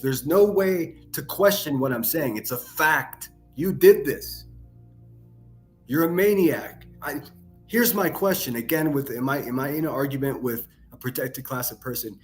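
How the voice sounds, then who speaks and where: A man hosting a reaction commentary, mocking and sarcastic, with heavy profanity. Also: on the high side. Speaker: commentary channel host.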